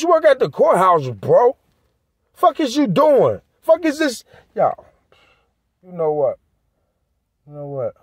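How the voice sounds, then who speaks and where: Heated high-voiced man ranting to camera. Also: no echo, clean studio sound. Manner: heated, profane, talks straight to viewers. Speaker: vlogger.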